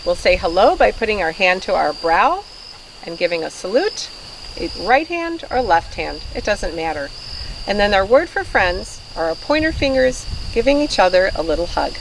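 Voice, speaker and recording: A woman's voice: medium pitch, background noise. A woman leading a children's storytime with playful sing-song voice games, recorded outdoors on a farm. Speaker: children's librarian. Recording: distant outdoor recording with crickets.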